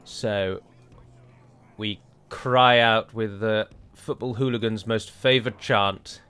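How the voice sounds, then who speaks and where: A man's voice: fairly low pitch, fairly even intonation, slow pace, a bit bright, clear, resonant tone, soft background music. A man giving chatty, wry commentary while playing a strategy game, wandering into rambling asides. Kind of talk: gameplay commentary.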